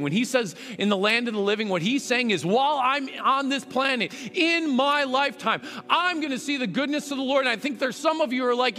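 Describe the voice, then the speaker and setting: A man's voice: very high-pitched, fairly quick, pushed and bright. A man preaching a sermon as a pastor, earnest and rising to fervent emphasis. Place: church sanctuary. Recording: long hall reverb.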